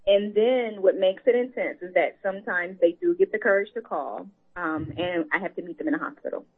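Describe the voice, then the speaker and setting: Husky woman guest on a phone line. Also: lowish voice, fairly quick. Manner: earnest and heartfelt, loose conversational phrasing. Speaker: author and victim advocate. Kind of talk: guest interview.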